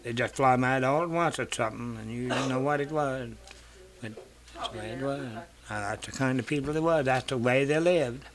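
The speaker is an older man giving an interview, telling rambling family stories in rural dialect at medium pitch and normal speed. He keeps repeating "he said" and swears freely in this folk storytelling.

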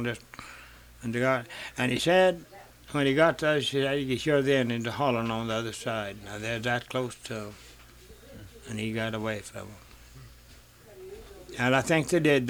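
A man's voice: medium pitch, creaky. An older man telling family stories in a rambling way, in rural dialect, repeating "he said" and swearing freely. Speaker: interviewee. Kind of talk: rambling folk storytelling.

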